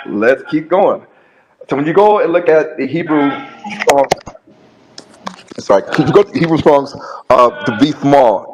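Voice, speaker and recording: A man's voice: medium pitch, a little mellow, a little hiss or hum, low-quality recording. Man arguing in a rambling debate. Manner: repeats words, many restarts, rapid lists of words. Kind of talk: debate argument.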